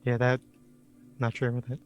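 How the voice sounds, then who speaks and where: A man's voice: medium pitch, monotone, normal speed, dull audio. A man playing a tabletop role-playing game, asking questions in an easygoing way. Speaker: player. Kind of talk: casual tabletop play.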